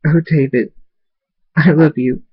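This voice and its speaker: A man's voice: mid-range voice, fairly even intonation, unhurried, breathy edge, muffled recording. A man voicing a heartbroken mother mare who speaks in a pleading, tender way. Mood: longing.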